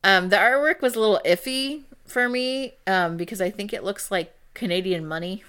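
A woman co-hosting a podcast, talking in a loose, rambling way. Her voice sits at a middle pitch, and she laughs easily as she chats. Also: moderate pace, fairly bright tone, clean tone. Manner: chatty, rambling, laughs often. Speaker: podcast co-host. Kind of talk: casual chat.

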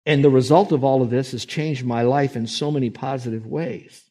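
A man preaching a sermon as a pastor, in a lively, animated way that acts out the people he quotes. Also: medium pitch, moderate pace.

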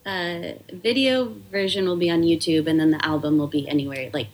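A woman comedian chatting as a podcast guest. Her voice is husky and a little breathy. She tells stories loosely, full of likes, restarts and fillers. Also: on the low side, fairly even intonation, a little fast, poor audio. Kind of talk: casual podcast conversation.

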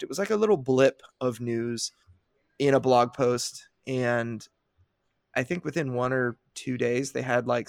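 A male podcast host talks in an energetic, chatty way and often restarts his sentences. His voice has a gravelly, fry-laden edge. The sound is close and dry, with no room around it. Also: medium pitch, no room sound. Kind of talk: casual podcast discussion.

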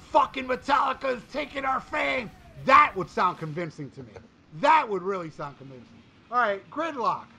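A man with a high, bright voice talks casually on a podcast. He rants and mocks with plenty of profanity. Faint music plays under him. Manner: profane, ranting, mocking. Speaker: podcast co-host reviewing an album. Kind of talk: casual chat.

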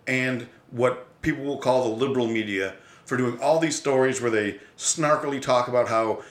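A man's voice: mid-range voice, normal speed, roomy sound. A man hosting his own podcast, giving blunt, opinionated solo commentary and swearing casually as he vents. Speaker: podcast host.

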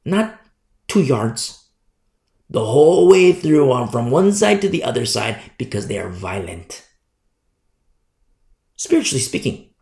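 Impassioned male pastor, gravelly, echoing hall, emphatic repetition. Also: big pitch swings, unhurried, long pauses. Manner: impassioned, emphatic preaching with big swings in pitch and loudness; repeats words for emphasis, acts out quoted voices. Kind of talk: sermon.

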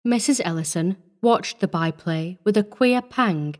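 A woman reading a classic short story aloud in a measured, even storytelling manner. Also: fairly low pitch. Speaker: narrator. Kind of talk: scripted audiobook narration.

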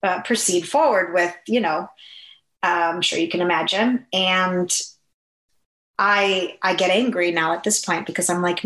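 Lower-voiced woman recounting, echoey room. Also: fairly even intonation, fairly bright tone. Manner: halting, many fillers and restarts. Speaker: guest telling a personal story. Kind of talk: personal testimony, conversational.

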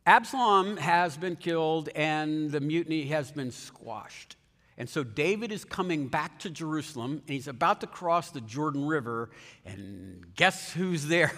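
A man preaching a sermon in a conversational, joking way, retelling scenes with animated asides. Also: on the high side. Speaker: pastor. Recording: long hall reverb.

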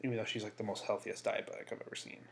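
Quick, wisecracking male podcast co-host, mid pitch, faint noise behind. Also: little pitch movement, gravelly. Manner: fast joking banter with profanity. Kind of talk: casual podcast chat.

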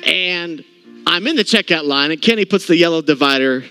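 Male pastor, fairly high voice, animated comic storyteller in a sermon, faint music behind. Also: moderate pace, smooth. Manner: animated, self-mocking, acts out quotes. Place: church service.

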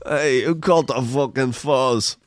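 A man voicing a rowdy, drunk, foul-mouthed male swan in a bad put-on Scottish accent, shouting in a sing-song way. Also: mid-range voice, unhurried, dry recording, studio quality, lightly acted. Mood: belligerent.

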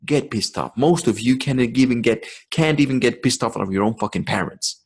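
Husky, profane motivational podcast man. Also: medium pitch, normal speed. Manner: blunt, swearing, preachy and intense. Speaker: podcast host.

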